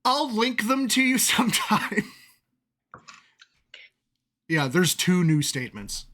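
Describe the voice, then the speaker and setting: Game master, male, bright and slightly high voice, chatty narrator who laughs a lot. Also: sing-song, slow.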